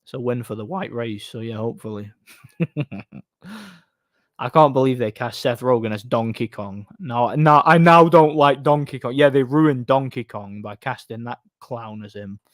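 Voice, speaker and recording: A man's voice: mid-range voice, normal speed, no echo, clean studio sound. A man streaming live, chatting casually and answering chat in a rambling way, laughing often.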